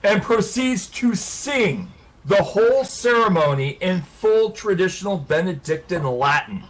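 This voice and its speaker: A man's voice: sits high, measured pace, slight background noise. A man telling a long story on a casual hangout stream, laughing and swearing as he goes. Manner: profane, laughing, animated storyteller.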